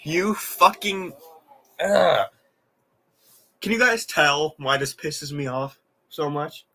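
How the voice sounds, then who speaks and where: Exasperated male reaction host: bright, forceful tone, profane rants, casual delivery. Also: on the high side, lively intonation, slow pace, vocal fry. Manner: exasperated, profane ranting with frequent laughs. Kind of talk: live reaction commentary.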